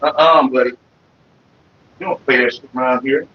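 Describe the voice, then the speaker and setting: A man from Florida streaming casually from his computer desk, cussing and ranting loudly. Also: medium pitch, steady tone, moderate pace, slight background noise. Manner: profane, cussing out bugs. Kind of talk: casual livestream rant. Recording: dull lo-fi stream audio.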